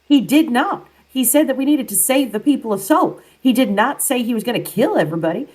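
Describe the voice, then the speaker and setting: A woman's voice: fairly high pitch, expressive, a little fast, darkish tone. A woman voicing an earnest young man hero in a tabletop game, arguing insistently. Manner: insistent, argumentative.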